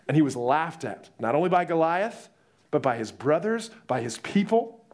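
A young man preaching a sermon, telling the story in a lively way and acting out the voices. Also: fairly high pitch, normal speed.

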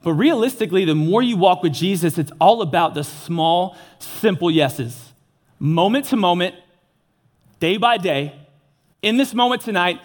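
A man's voice: sits high, moderate pace. A young man giving an earnest, casual sermon, mixing slang into his preaching. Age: young adult.

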